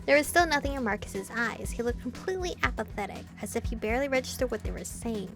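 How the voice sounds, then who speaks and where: Young female gaming host, highish voice, reading and reacting, game music behind. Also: fast, hardly any pauses. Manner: animated, laughing asides between reading. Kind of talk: playing and reading aloud a visual novel.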